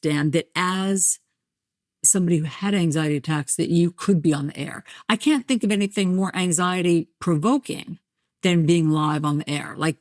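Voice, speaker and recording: This middle-aged woman, a journalist from New Jersey, keeps a light New Jersey accent. She speaks in a somewhat low voice, telling stories candidly, acting out other people's lines and laughing at herself. Her voice is recorded close and dry. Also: dry recording. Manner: animated storyteller, acts out voices, self-deprecating. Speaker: podcast guest, journalist and author. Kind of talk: candid conversational interview.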